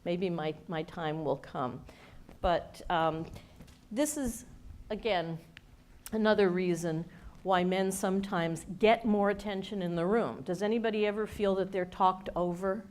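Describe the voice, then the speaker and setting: A woman speaker and coach giving an animated, emphatic talk with wry humor to a studio audience. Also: fairly low pitch, unhurried. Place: event space with a studio audience.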